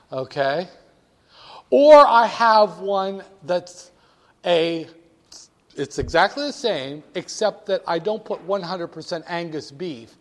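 Man doing a folksy burger-stand server, slow sales pitch, hall reverb.

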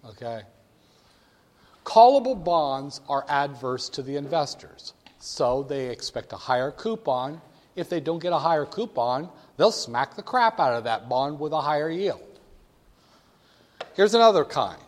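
A man giving a classroom lecture in an animated, joking way, talking directly to his students. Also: fairly high pitch, unhurried. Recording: long hall reverb.

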